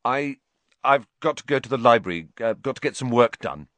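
A man's voice: mid-range voice, lively intonation, fairly bright tone, no room sound, pitched above the performer's own voice, lightly acted. A man voicing a glum, awkward teenage schoolboy who tries to sound casual and halts over his words. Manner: awkward, would-be casual, halting.

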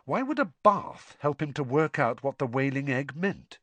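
A man reading a novel aloud in measured storytelling narration. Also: medium pitch, big pitch swings, a bit bright, dry recording. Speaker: audiobook narrator. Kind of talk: scripted narration.

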